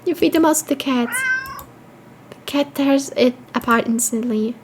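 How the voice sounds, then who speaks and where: A woman's voice: sits high, normal speed, noisy background. A woman streaming a horror game, reading its text aloud and reacting with swearing and laughter.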